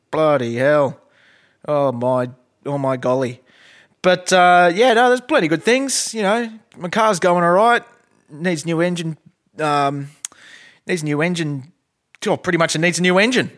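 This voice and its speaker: A man with an Australian accent rambling through a comedic podcast monologue, blunt and profane with lots of fillers. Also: fairly high pitch.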